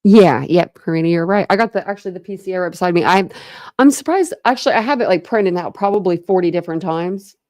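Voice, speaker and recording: A rambling, chatty young woman hosts a home true crime livestream, her voice sitting on the low side. She talks to viewers with plenty of fillers and false starts, and the sound is dry and close. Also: quick pace, a little mellow, dry recording. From Ohio. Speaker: true crime channel host. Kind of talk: casual livestream chat with viewers.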